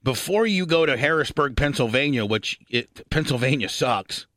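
A middle-aged man from Indiana hosting a radio talk show, telling a long story, swearing freely and clearing his throat often. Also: mid-range voice, lively intonation, normal speed, a bit bright, no room sound, studio quality.

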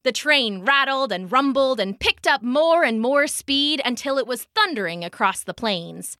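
A woman telling a children's story aloud, animated and expressive, with a high, bright voice that swings widely in pitch. She plays up the sound-effect words, and the recording is dry and close with no room echo.

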